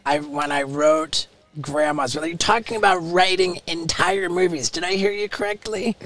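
A man's voice: fairly high pitch, moderate pace, a bit bright. A man co-hosting a podcast, talking with an eager, swearing, laugh-heavy manner. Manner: enthusiastic, swears often, laughs a lot. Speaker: podcast co-host. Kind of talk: casual podcast chat.

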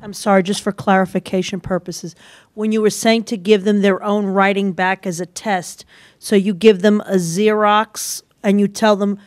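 A woman's voice: medium pitch, flat delivery, normal speed, no room sound. A woman in the audience politely asking for clarification. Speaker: audience member.

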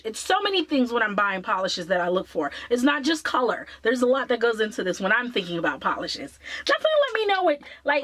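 A woman's voice: fairly high pitch, fairly bright tone, dry recording. A woman chatting enthusiastically to her viewers in a casual beauty haul vlog. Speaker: beauty vlogger.

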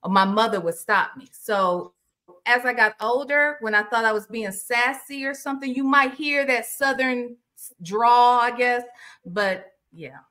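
A woman's voice: fairly high pitch, unhurried, bright, forceful tone. A woman guest in a casual talk-show chat, frank and teasing, asking playful questions. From United States.

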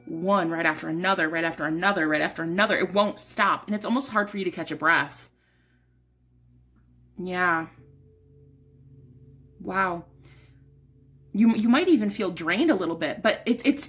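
A woman's voice: mid-range voice, fairly bright tone. A young woman giving a casual tarot card reading, chatty and rambling, a little out of breath. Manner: chatty, rambling, restarts words, swears casually. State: a bit out of breath. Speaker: tarot reader.

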